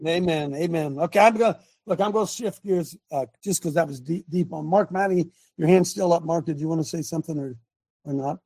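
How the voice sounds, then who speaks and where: A man leading a relaxed group discussion tells stories in a folksy, drawn-out way and keeps asking the group for agreement. His voice is husky and mellow. The sound is dry and close, as on a video call. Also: fairly high pitch, no room sound. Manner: folksy, drawn-out storytelling with rhetorical asides. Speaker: host and Bible study leader called Coach.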